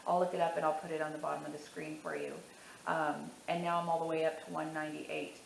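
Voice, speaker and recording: A woman's voice: low voice, expressive, quick pace, gravelly, reverberant, slight background noise, low-quality recording. A woman talking candidly to camera about her weight loss, emotional and teary, repeating herself for emphasis. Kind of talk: casual to-camera vlog.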